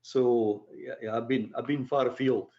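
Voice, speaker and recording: A man's voice: mid-range voice, fairly even intonation, moderate pace, mellow, lo-fi sound. A man who speaks the Queen's English, a firearms instructor chatting casually as a guest on a live podcast, rambling and laughing easily. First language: British English.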